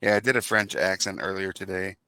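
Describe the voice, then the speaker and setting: A man's voice: low-pitched, steady tone, fairly quick, bright, forceful tone, dry recording. A man co-hosting a livestream, chatting playfully while painting miniatures. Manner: playful, jokey. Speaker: stream co-host. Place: game store.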